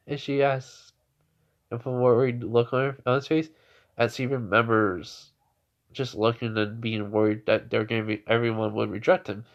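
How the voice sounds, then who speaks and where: Young man, casual storyteller, middle-pitched voice, halting delivery full of restarts and little chuckles. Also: little pitch movement, dull audio. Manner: halting, many restarts and fillers, chuckles often. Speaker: fan-fiction storyteller. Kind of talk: casual improvised story narration.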